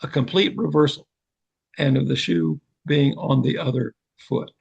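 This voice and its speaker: A gravelly, slightly husky older man leads a Bible seminar. He speaks slowly and deliberately, pausing between phrases. His voice sits a bit higher than most men's. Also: a little mellow, dull audio. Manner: slow, measured, deliberate explanation. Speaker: teacher.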